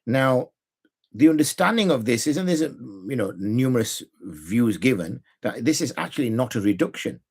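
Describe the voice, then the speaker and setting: British guy, middle aged, islamic law lesson from his study, chatty explainer, kinda husky voice. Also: mid-range voice, expressive, moderate pace, a little mellow. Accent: British English. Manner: explanatory, conversational, with Arabic terms and demonstrations of tone. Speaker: Islamic scholar teaching jurisprudence. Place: home study with a library.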